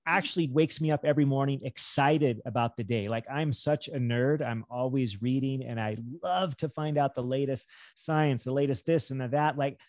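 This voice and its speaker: A middle-aged man, a physician and health coach, talking as a podcast guest in an animated, enthusiastic way. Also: medium pitch, normal speed, few pauses, no room sound, clean studio sound. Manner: animated, enthusiastic, jumps into acted self-talk. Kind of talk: casual podcast conversation.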